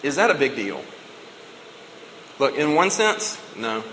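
Man preaching, bright voice, a bit high, casual storytelling, echoey hall. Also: very animated, slow pace, a little hiss or hum. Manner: conversational, emotional storytelling. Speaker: pastor. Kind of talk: sermon. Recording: reverberant hall with faint ambience.

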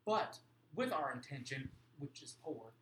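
A man's voice: mid-range voice, big pitch swings, unhurried, pushed and bright. A man co-hosting a casual podcast chat, playful and jokey, rambling through his questions. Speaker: podcast co-host. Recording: echoey room with faint background noise.

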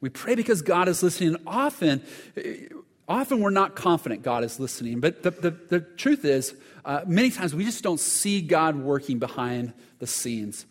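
A man's voice: a little high, sing-song, normal speed. Earnest man preaching in a reverberant hall. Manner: earnest storytelling with frequent restarts. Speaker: pastor. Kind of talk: sermon.

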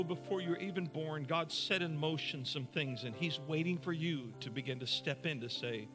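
A man preaching a sermon as pastor, earnest, moving between brisk talk and slow, soft passages. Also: a little high, loud music behind the voice.

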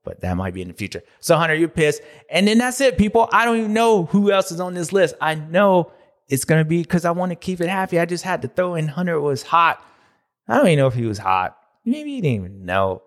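A man hosting a racing recap show in a jokey, slangy, excitable way. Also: on the high side, a little fast. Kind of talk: comedic recap commentary.

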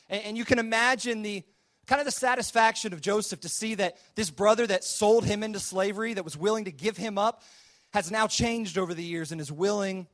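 A man's voice: sits high, a bit bright. A man preaching a sermon, retelling a scripture story in a casual way and acting out the characters' quoted lines.

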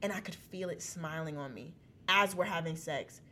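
Young woman, guest, casual animated storyteller, laughs easily, acts out the voices she quotes. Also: sits low, moderate pace, slight background noise. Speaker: guest telling her testimony.

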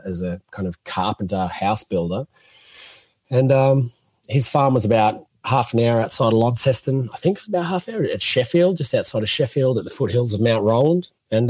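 A man in his thirties, a podcast guest telling stories in a relaxed, animated way and acting out what people said. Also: lowish voice, no echo. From Australia. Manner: animated storyteller, acts out quotes. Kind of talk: casual storytelling interview.

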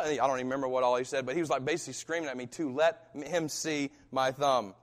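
A pastor preaching a sermon and telling a personal story with animation, acting out the voices of people in it. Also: male voice, fairly high pitch, fast talker. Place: church. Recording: reverberant hall.

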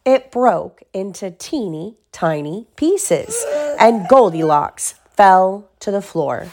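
A young mother reading a picture book aloud to her child at bedtime, with playful, expressive delivery. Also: mid-range voice, takes it slowly. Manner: expressive, playful character voices.

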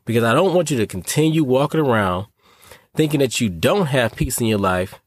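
A man's voice: mid-range voice, animated, fairly quick, dry recording, studio quality. Earnest man giving podcast advice. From North Carolina. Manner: earnest, preachy, addresses listeners as y'all. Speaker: podcast host. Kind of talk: motivational podcast monologue.

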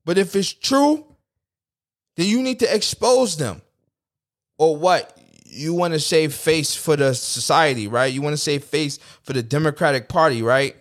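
A man's voice: sits high, fairly bright tone. A man, hosting a podcast in a blunt, profane, rambling rant. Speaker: podcast host. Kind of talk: casual political rant.

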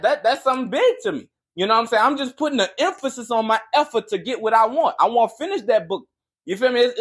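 A man's voice: very high-pitched, a bit bright, slightly rough. A young man hosting a motivational podcast, talking in a hyped, preachy way and often asking "you feel me". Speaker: podcast host.

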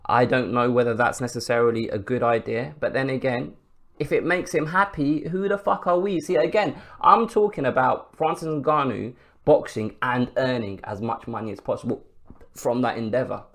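A man's voice: medium pitch, normal speed, fairly bright tone. A man hosting a podcast, giving a casual sports commentary monologue full of rhetorical questions and swearing. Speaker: podcast host.

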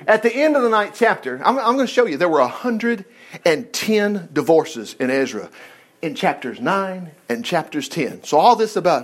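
A male preacher with a high, very animated voice that swings widely in pitch. He mixes scripture reading with quick, digressive asides and quips in a conversational sermon.

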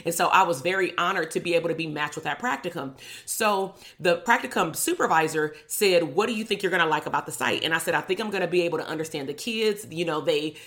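A woman's voice: lowish voice, a bit bright. A young woman, a clinical psychologist, telling a personal story to her online audience in a casual, sarcastic way, swearing and laughing as she goes. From Compton, Los Angeles.

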